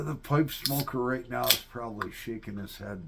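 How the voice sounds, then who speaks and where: A man's voice: medium pitch, moderate pace, gravelly, few pauses, background noise. A man in a folksy, rambling casual chat to viewers, often tossing in "all right?" asides. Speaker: vlogger.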